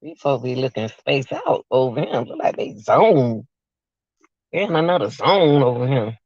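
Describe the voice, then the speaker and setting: A man's voice: medium pitch, sing-song, measured pace, a little mellow, no room sound, highs cut off. A man giving emotional, repetitive livestream commentary, talking straight to his viewers.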